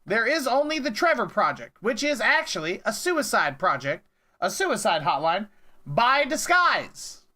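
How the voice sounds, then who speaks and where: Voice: medium pitch, very animated, measured pace, pushed and bright. A streamer ranting casually to chat in an exasperated, rambling way, with swearing, at a desk mic at home. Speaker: prank call streamer.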